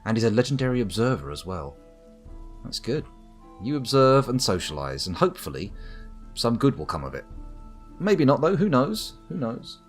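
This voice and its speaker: A man's voice: medium pitch, big pitch swings, normal speed, pauses often. A man from the UK giving wry, rambling live commentary on a game while chatting to viewers. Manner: wry, rambling, talks to chat. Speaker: streamer. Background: faint background music.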